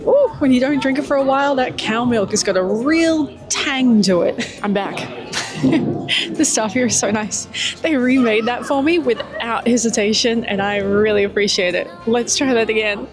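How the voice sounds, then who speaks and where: Young woman, travel vlogger, bright higher voice, enthusiastic and descriptive, light music under her. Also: moderate pace. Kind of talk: travel vlog narration.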